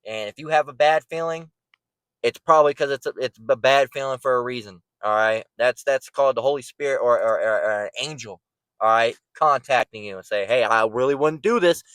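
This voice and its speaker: A man's voice: medium pitch, fairly quick, a bit bright, clean tone, dry recording. A man giving an informal, blunt preaching rant, profane and repeating words as he gets worked up. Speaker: online preacher.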